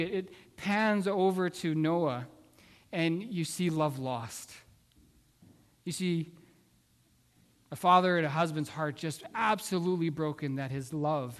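Man, pastor preaching, earnest and halting, a bit high-pitched, echoing church hall. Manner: earnest, halting storyteller with repeated restarts. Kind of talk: sermon.

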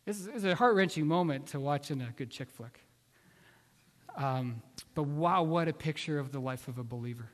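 A man preaching a sermon, telling a story in an earnest, halting way with many restarts. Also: on the high side, in a large hall. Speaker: pastor.

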